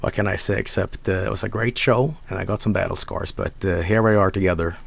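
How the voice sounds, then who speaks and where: A young man with a hoarse voice, chatting casually on his stream in a rambling, laid-back way with lots of fillers. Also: deep voice, quick pace.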